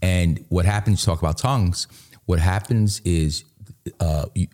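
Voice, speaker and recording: A man with a Queens New York accent, telling stories in casual radio talk, animated and self-deprecating. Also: low voice, measured pace.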